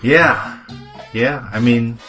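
A man's voice: medium pitch, drawn-out words, bright, forceful tone, faint music behind. A man co-hosting a podcast in casual chat, joking and laughing often. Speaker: podcast co-host.

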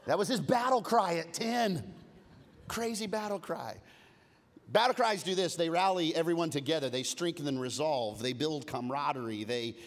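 Animated male pastor in a reverberant hall. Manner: lively storytelling, humorous asides; swings from loud and animated to low and hushed. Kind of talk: sermon. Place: church auditorium. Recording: long reverb of a large hall.

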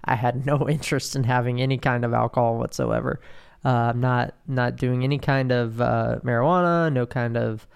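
A man with a smooth yet gravelly voice hosts a podcast monologue. He speaks candidly and haltingly, full of restarts and fillers, sounding slowed and worn down by withdrawal pain. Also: medium pitch, steady tone. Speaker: podcast host. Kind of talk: personal monologue.

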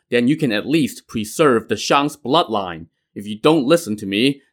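A man voicing a stern, wrathful old male Taoist master who scolds and commands his pupil. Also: lowish voice.

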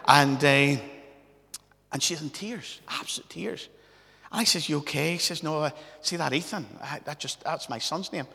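Gravelly, bright-voiced pastor. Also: male voice, on the high side, moderate pace. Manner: chatty, anecdotal, tags lines with "right?". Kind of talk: storytelling sermon. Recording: long hall reverb.

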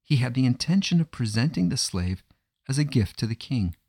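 A man narrating a traditional folk tale in a measured, gentle way. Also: mid-range voice, very animated, slightly rough. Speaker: storyteller. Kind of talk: storybook narration.

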